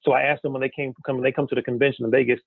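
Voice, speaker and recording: A man giving an energetic sales pitch, firing off rhetorical questions to his listeners. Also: racing, gravelly, slightly rough, dry recording. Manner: energetic, rhetorical questions, keeps saying "guys". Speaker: business opportunity presenter. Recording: tinny phone-like dry recording.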